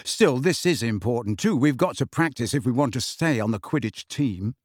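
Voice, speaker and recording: A man's voice: animated, normal speed, slightly rough, no room sound, clean studio sound. A man doing a brooding teenage schoolboy wizard. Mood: low intent. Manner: low, intent.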